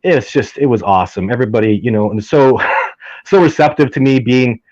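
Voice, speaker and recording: A Canadian man, a guest in a casual chat, talking excitedly and restarting his words often. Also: mid-range voice, brisk, no room sound, muffled recording.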